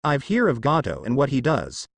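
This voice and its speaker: A calm, composed male ninja sensei, as a man reading a fan story voices him. He speaks in a measured way. The sound is dry and close, and his pitch moves with life. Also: gravelly, husky, no echo, full character voice.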